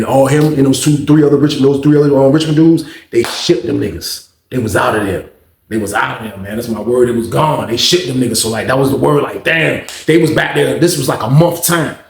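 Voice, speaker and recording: A man's voice: mid-range voice, gravelly, echoey room. A man telling a prison story in loose, profane street talk. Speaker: storytelling host.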